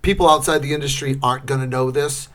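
A middle-aged man co-hosting a podcast, chatting casually and acting out scenes in loud, shouted bursts. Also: medium pitch, steady tone, fast. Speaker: podcast co-host. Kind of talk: casual chat.

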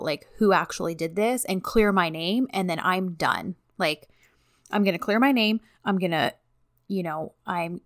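Woman co-host, slightly low voice, casual recap chat, dry mic. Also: no room sound. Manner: chatty, quick fillers like "you know" and "like". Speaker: podcast co-host.

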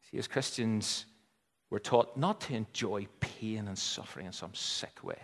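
A male pastor delivers a sermon with dramatic dynamics, rising to loud emphatic peaks and then dropping to hushed, almost whispered lines. His voice carries a long reverb from a large hall. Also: fairly low pitch, measured pace.

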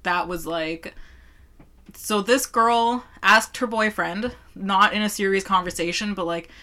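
A woman's voice: mid-range voice, a little slow, pushed and bright. A young woman co-hosting a casual beer-tasting chat, telling stories with laughs and swearing. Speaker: podcast co-host.

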